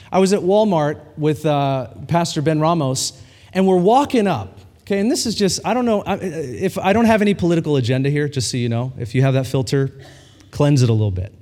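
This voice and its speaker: A male pastor preaching a sermon to a congregation, telling a story with lively acted-out dialogue. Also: fairly high pitch. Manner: animated storytelling preacher, acts out quoted dialogue. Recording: long hall reverb.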